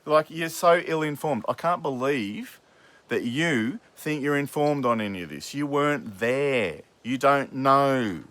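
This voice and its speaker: A man with a mid-pitched, ordinary voice arguing with his father in a heated back-and-forth. He swears freely, cuts in over the other speaker and presses his points at length. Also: animated, a little slow, a bit bright. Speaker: podcast host. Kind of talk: heated family argument.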